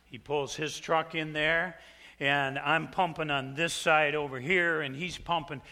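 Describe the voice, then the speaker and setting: A male pastor telling a story in a sermon, animated, swinging from hushed asides to shouts. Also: a little high, measured pace.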